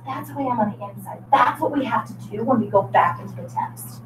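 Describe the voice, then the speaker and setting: A woman's voice: on the high side, a little fast, far from the mic, background noise. Upbeat woman teacher in an echoey classroom. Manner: upbeat, coaxing, prompting students. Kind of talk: classroom reading lesson.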